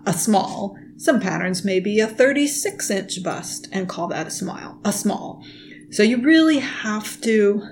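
A woman co-hosting a casual podcast from home, explaining things slowly and methodically. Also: mid-range voice, slight background noise. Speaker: podcast co-host. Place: at home with pets nearby.

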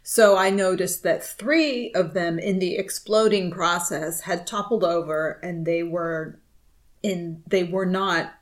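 A woman's voice: lowish voice, fairly even intonation, slow pace. A woman co-hosting a knitting podcast, telling a chatty story with frequent laughs. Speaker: podcast co-host. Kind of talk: casual chat.

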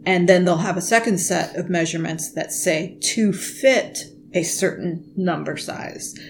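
Slow, methodical woman podcast host. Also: on the low side, gravelly, slight background noise. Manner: explains slowly and methodically. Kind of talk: casual podcast chat. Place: at home with pets nearby.

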